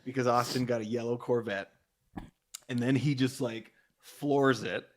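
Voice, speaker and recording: A man's voice: medium pitch, fairly even intonation, a little slow. Laughing man recapping a movie. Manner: enthusiastic, laughs often, agrees a lot. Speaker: podcast co-host. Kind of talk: casual movie recap chat.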